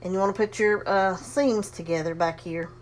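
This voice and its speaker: Host, woman, casual crafting tutorial, folksy and talkative, mid-pitched, slightly heavy breathing. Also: steady tone, normal speed, a little hiss or hum. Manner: chatty, folksy, talks herself through the steps. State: breathing heavily. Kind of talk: casual sewing demonstration.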